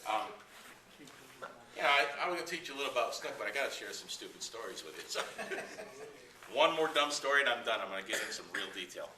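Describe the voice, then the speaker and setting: Animated storytelling man, echoey room. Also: medium pitch, fast, a little hiss or hum. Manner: animated yarn-spinner, acts out quotes, laughs often. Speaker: guest speaker at anglers club. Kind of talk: storytelling to a club audience. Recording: echoey room, speaker far from mic.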